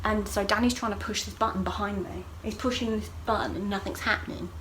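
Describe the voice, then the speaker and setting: A young woman recounts a personal story for her vlog, relaxed and chatty. She throws herself into the quoted lines, jumping high and loud whenever she voices someone. A light background hiss sits under her mid-pitched voice. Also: brisk, poor audio. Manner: animated, acts out voices of others with sharp jumps in pitch and loudness. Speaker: vlogger. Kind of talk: casual storytelling to camera.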